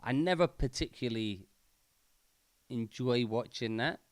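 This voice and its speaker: Smooth-voiced comedian in a dry room. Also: male voice, medium pitch, no echo. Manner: halting, many restarts, swears. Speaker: stand-up comedian. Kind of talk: casual chat.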